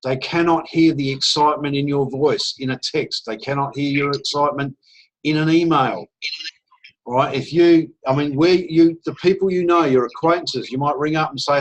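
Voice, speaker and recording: A man giving a persuasive pitch on a video call, slightly higher-voiced than most men. He sounds enthusiastic and chatty, and he slips into short acted-out phone conversations. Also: normal speed, low-quality recording. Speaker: presenter at an online business opportunity meeting.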